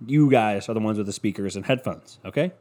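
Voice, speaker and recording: A man's voice: fairly low pitch, a little fast, darkish tone. A man hosting a solo podcast, ranting sarcastically and profanely with self-mockery into a microphone at home. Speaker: podcast host. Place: home basement. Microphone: studio microphone.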